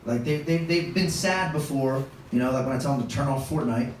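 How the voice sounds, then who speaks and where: A man doing stand-up comedy, telling a family story in an animated way and jumping into high voices for his kids. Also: fairly quick. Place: comedy club stage with a laughing audience. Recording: echoey live room, distant mic, background noise.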